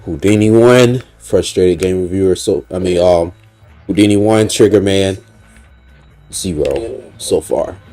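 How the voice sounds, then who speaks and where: A man's voice: sits low, unhurried, warm tone, faint music behind, poor audio. A man streaming a video game, talking loosely and profanely and mumbling asides to himself. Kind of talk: casual gameplay stream commentary.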